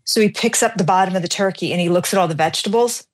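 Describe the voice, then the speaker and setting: A middle-aged woman hosting a radio show, telling a story in a casual, animated, self-deprecating way and acting out the dialogue. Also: lowish voice, rapid-fire.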